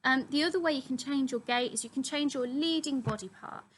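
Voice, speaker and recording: A woman's voice: high-pitched, a little fast, a little hiss or hum, low-quality recording. A young woman, a drama teacher, steadily explaining acting terms to her students with frequent ums. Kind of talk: classroom explainer video.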